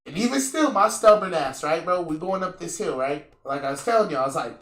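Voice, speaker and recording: Host, male, bright voice, loose profane storyteller, echoey room. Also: on the high side, lively intonation, brisk. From US Southwest. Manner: storytelling, swearing, acts out quotes. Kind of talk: casual chat.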